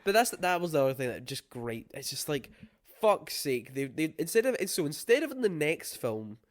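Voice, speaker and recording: A man co-hosting a film review chat, animated and exasperated, swearing freely. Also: fairly high pitch, normal speed. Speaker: film review podcast co-host. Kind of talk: casual chat.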